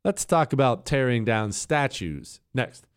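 On his own talk show, a man with a mid-range voice delivers opinionated radio talk at a measured pace, animated and full of sarcasm, combativeness and mockery. The recording is very noisy.

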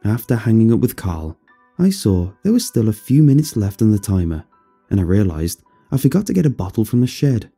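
A man narrating a first-person horror story in a measured, descriptive way. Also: on the low side, sing-song, warm tone, husky, soft background music.

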